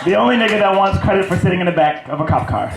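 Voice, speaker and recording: A man's voice: sits high, racing, vocal fry. A man hosting a comedy open mic, joking loosely between acts and bringing up the next comedian. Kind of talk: stand-up host banter and introductions. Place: small cafe at an open mic. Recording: echoey room, loud background noise, clicks.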